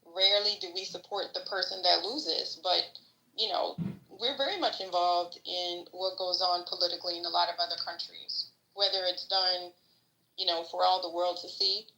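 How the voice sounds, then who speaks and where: A woman's voice: lowish voice, steady tone, normal speed, gravelly, bright, forceful tone, reverberant, rough recording. A woman co-hosting a podcast, giving opinionated, salty, rambling political commentary. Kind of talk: casual political discussion.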